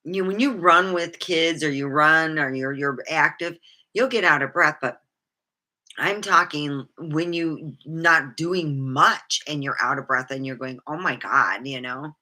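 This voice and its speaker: Bright-voiced woman telling her story frankly. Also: low-pitched, unhurried. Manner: candid, rambling, swears freely. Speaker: vlogger. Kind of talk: personal storytelling monologue.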